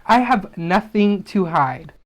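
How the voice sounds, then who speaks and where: A man's voice: high-pitched, animated, slow pace. A man co-hosting a podcast in casual chat, bantering in a playful, teasing way with plenty of swearing. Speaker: podcast co-host.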